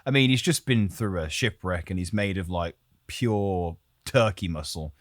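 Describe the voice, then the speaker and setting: A man's voice: low-pitched, moderate pace, no room sound, clean studio sound. A man, co-hosting a podcast and telling a story in a casual, jokey way, with frequent laughs and rambling asides.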